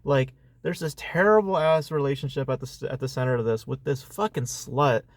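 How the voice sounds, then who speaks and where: A man's voice: mid-range voice, a little fast, no room sound. A man giving a casual, ranting movie review, profane and exasperated, full of fillers and rhetorical asides. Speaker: film reviewer.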